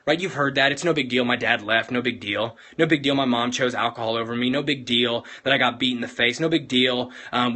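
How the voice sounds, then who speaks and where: A man's voice: on the high side, a bit bright. A young man giving an earnest, casual motivational talk as host of a weekly show, often saying "man". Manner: earnest, retells film scenes, many fillers like "man".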